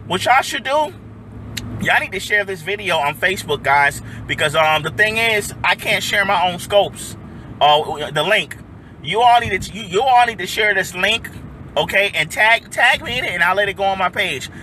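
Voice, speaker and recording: A man's voice: high voice, lively intonation, normal speed, sharp tone, slight background noise. Hyped man livestreaming from his car. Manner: hyped, repetitive, laughs often, addresses viewers as y'all. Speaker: livestream host. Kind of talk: excited livestream chat to viewers. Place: inside a car outdoors.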